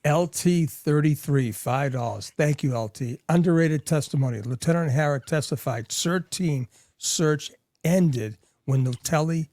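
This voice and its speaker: A man on a livestream panel, reading a donation and praising it with slow emphasis. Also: fairly high pitch, darkish tone, no echo, clean studio sound. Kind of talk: casual livestream chat.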